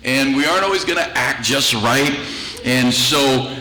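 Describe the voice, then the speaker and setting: Pastor, man, bright and forceful, humorous storytelling sermon, roomy church sound. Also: medium pitch, normal speed. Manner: humorous, chuckles through anecdotes. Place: church sanctuary. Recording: echoey church room with faint noise.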